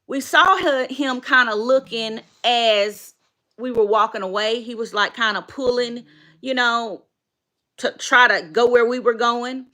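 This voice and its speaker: A woman's voice: fairly high pitch, measured pace, bright, forceful tone. A middle-aged woman, emotionally retelling a story to her viewers in a repetitive, emphatic way. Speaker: dog owner vlogger.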